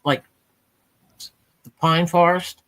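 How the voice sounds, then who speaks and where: A woman's voice: lowish voice, fairly even intonation, slow, a bit bright. A woman with a New Jersey accent, chatting bluntly and telling stories on a live panel. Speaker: panel host. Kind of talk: casual chat on a live panel.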